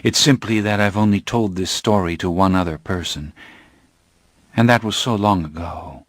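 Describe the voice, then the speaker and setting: A man voicing a calm, brooding centuries-old male vampire, speaking in a measured, grave way. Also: lowish voice, no echo, lightly acted. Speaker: narrator.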